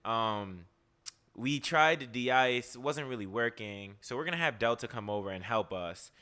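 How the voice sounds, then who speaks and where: A man voicing a relaxed, slangy male airline pilot making offhand announcements in a comic podcast retelling. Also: medium pitch, measured pace. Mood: laid-back. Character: laid-back casual male airline pilot.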